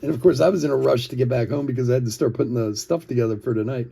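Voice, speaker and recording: A middle-aged man hosts a card-break livestream with a very fast, mid-range voice that's dark, slightly rough, and full of vocal fry. Chatting casually while opening cards, he tells stories, laughs a lot, and reads out names between his asides.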